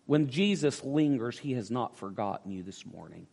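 A man's voice: mid-range voice, lively intonation, normal speed, creaky. Man preaching in a reverberant hall. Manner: swings from loud emphatic preaching to soft intimate pleading. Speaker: pastor. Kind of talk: sermon. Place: church sanctuary. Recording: long reverb of a large hall.

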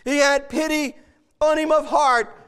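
High-voiced preacher asking rhetorical questions. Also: male voice, fairly even intonation, measured pace, a bit bright, long reverb tail. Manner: emphatic, many rhetorical questions to the congregation; folksy plain grammar, repeats phrases. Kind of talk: sermon.

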